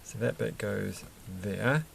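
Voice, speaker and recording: A man's voice: on the low side, slow pace, vocal fry, slight background noise. A man chatting casually and rambling while he builds a toy set, chuckling often and breaking off mid-sentence. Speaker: vlogger building Lego sets.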